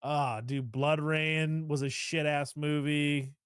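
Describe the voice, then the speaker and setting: A man's voice: fairly high pitch, flat delivery, slow, fairly bright tone, clear, resonant tone, no room sound, studio quality. A young man co-hosting a casual movie review chat, laughing often and swearing freely. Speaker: podcast co-host.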